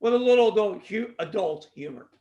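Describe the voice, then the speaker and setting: A man's voice: sits high, lively intonation, fairly quick, mellow, highs cut off. A man hosting a wrestling podcast, rambling casually with jokes, tangents and plugs for the show. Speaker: podcast host.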